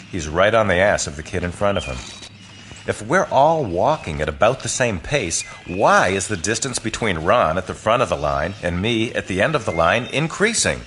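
Deep-voiced, expressive male audiobook narrator. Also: a little hiss or hum. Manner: expressive storytelling that voices the boys. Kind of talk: scripted first-person audiobook narration.

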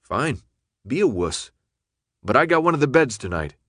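A man voicing a loud, defiant teenage boy who yells and taunts in an audiobook. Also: mid-range voice, very animated, normal speed, dry recording, studio quality, pitched above the performer's own voice.

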